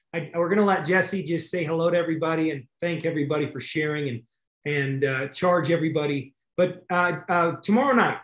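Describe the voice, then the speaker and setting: Rambling grateful host in a roomy space. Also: male voice, on the high side, fairly bright tone. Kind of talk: casual video call chat.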